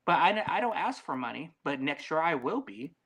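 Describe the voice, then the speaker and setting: A man as a podcast guest in casual chat, talking bluntly with lots of swearing and animated swings in delivery. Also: on the high side, moderate pace, gravelly, breathy edge.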